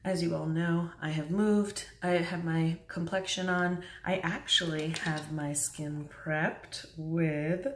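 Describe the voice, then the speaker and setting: A young woman chatting casually through an early-morning makeup tutorial at home, speaking softly at times. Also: on the low side, fairly even intonation, slow, few pauses, slight background noise. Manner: chatty, self-deprecating, talks quietly at times. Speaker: makeup vlogger. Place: home bathroom or bedroom at a mirror. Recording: echoey room, voice from a distance.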